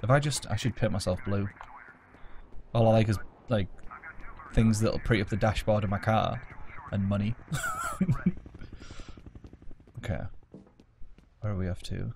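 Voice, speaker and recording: A man's voice: fairly low pitch, measured pace, creaky, long pauses, background noise. A man playing a game at his home desk, joking, swearing and mocking himself as he plays. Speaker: let's play gamer. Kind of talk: casual gameplay commentary.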